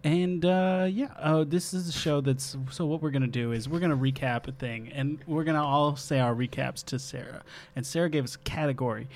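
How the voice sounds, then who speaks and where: A man's voice: on the high side, steady tone, brisk. A young man hosting a comedy podcast, rambling and joking, swearing now and then. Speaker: podcast host. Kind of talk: casual comedy podcast chat.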